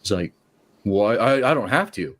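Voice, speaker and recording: A man's voice: lowish voice, normal speed. A man calling in to a late-night show, casually telling a long work story and acting out the quotes. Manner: animated, acts out quotes with shifting voices. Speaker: caller.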